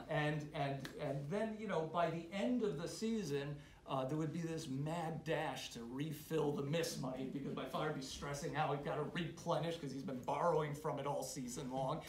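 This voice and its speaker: Man, casual storyteller at a club lunch; animated, stumbles and restarts, hall echo. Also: a little high. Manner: animated, halting with many restarts. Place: meeting room. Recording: roomy hall sound, faint noise.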